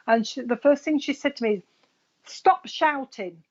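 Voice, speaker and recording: A woman's voice: on the high side, quick pace, a little mellow, muffled recording. Chatty woman psychic medium. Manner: chatty, relays messages with frequent laughs. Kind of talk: live mediumship reading.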